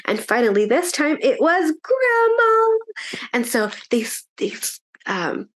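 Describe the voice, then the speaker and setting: A woman telling a children's story at church in an animated, chatty way, with frequent fillers. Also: high voice, takes it slowly.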